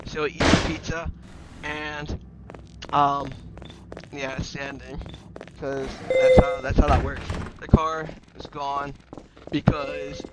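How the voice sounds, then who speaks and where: A man narrating an improvised toy story in a rambling, excited way, restarting sentences and jumping into silly voices. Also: fairly high pitch, takes it slowly, long pauses. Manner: breaks into loud silly character voices. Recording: noisy home recording with clicks.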